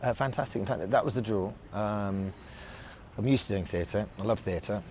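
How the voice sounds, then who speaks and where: An English man, an actor being interviewed, talking in a halting, reflective way with many restarts. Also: on the low side, a little mellow, slight background noise. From England. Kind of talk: casual interview talk.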